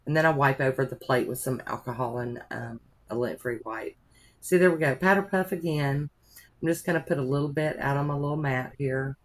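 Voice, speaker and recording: A woman narrating a nail art tutorial in a chatty, rambling way, with homey asides to her viewers. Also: a bass voice.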